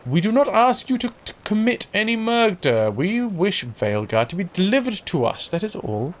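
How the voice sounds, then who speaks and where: A man voicing a stern, demanding hooded male wizard in a video game, speaking formally in a raised, lively voice. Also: high voice, moderate pace, pitched above the performer's own voice.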